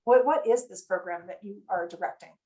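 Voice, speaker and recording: A woman's voice: medium pitch, a little fast, dark tone, rough recording. A woman hosting and moderating an online panel over a video call, speaking in a friendly, chatty way with frequent ums and uhs. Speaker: webinar host and moderator.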